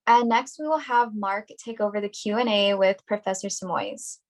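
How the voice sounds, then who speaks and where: A young woman on a video call reading a prepared workshop presentation in a clear, deliberate, instructional way. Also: mid-range voice, rough recording.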